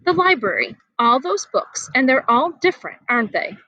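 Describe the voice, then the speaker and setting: A woman's voice: sits high, very animated, moderate pace, pushed and bright, no echo, highs cut off, voice pushed up, exaggerated voice. A woman doing a gloomy troubled schoolboy. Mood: plaintive. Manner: hesitant, plaintive.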